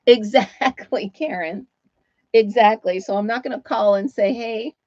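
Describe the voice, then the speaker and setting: A woman's voice: mid-range voice, unhurried, a little mellow, no echo, lo-fi sound. A woman hosting a casual livestream from home, chatting with viewers while she crochets and laughing often. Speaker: livestream host.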